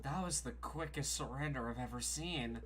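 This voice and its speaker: A woman streamer chatting casually and reacting to a game in an excitable, gossipy way, sometimes swearing. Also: a bass voice, moderate pace, noisy background.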